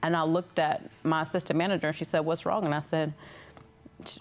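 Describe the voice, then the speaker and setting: A mother telling a personal story in a halting way, restarting often. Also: low voice, level tone.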